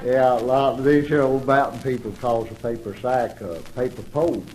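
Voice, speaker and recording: A man with an Appalachian accent telling a folksy comic story in a long, slow, easy drawl. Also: medium pitch, fairly even intonation, darkish tone, poor audio.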